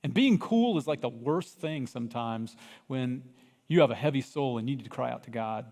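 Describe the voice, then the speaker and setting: A man preaching a sermon as pastor, animated, acting out cries from the story and dropping to hushed, earnest tones. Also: medium pitch, moderate pace. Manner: animated, acts out voices of people in the story, swings from loud cries to hushed. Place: church sanctuary. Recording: long reverb of a church hall.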